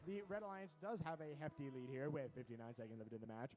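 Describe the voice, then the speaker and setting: A man giving lively, quick play-by-play commentary at a robotics competition, with joking asides between matches. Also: mid-range voice, soft background music. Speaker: event commentator.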